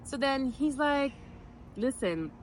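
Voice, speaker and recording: A young woman vlogger casually telling her own story to the camera, chatty and animated, acting out her reactions. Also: mid-range voice, moderate pace, a little hiss or hum, rough recording.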